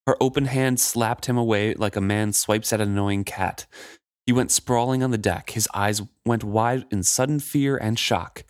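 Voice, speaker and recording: A man co-hosting a book podcast, reading passages aloud and chatting about them in a measured way. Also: fairly low pitch, clean tone, no echo, studio quality.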